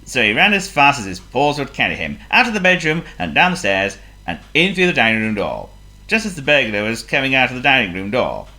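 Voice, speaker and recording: A woman reading a children's story aloud, expressive and playful, asking the listener questions. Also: extremely low pitch, fairly quick.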